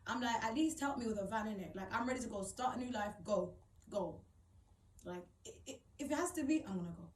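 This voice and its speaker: A woman's voice: mid-range voice, brisk, distant mic. A young woman telling a painful personal story to camera, acting out what others said, close to tears. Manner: animated, acts out quoted people, many fillers. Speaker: vlogger. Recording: echoey room, voice off-mic.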